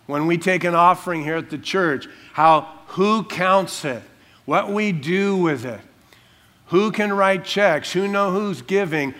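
A man preaching an expository sermon as pastor, emphatic, slowing down to stress key words. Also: a little high, a bit bright.

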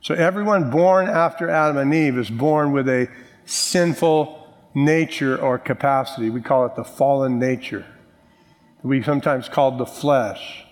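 A male pastor preaching a sermon, joking with the congregation and slowing down to stress key words. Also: medium pitch. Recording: long reverb of a large hall.

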